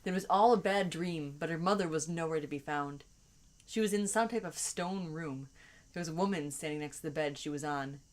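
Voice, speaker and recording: A woman's voice: sits low, brisk. A woman co-hosting a fanfiction reading, teasing the story with laughing commentary. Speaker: co-host.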